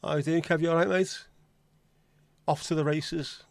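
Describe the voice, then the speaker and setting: A man's voice: a little high, steady tone, normal speed, vocal fry, no echo. A man with a Liverpool accent hosting a casual livestream chat, joking, swearing freely and greeting viewers by name. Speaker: livestream host.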